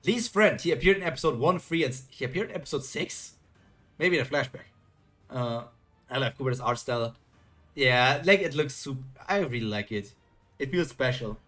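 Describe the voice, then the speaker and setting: A man's voice: mid-range voice, animated, moderate pace, a bit bright, soft background music. Chatty young man musing aloud. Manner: musing, chatty, filler-heavy. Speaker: reaction video host. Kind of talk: live webtoon reading reaction.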